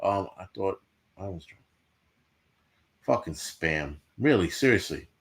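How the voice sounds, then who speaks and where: A man's voice: sits low, animated, measured pace. A man hosting a livestream, ranting bluntly and profanely to his chat in casual talk. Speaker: livestream host.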